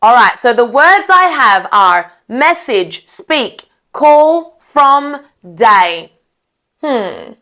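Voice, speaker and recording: A woman teaching an online English lesson, speaking slowly and clearly with a lively, teacherly delivery. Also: on the high side.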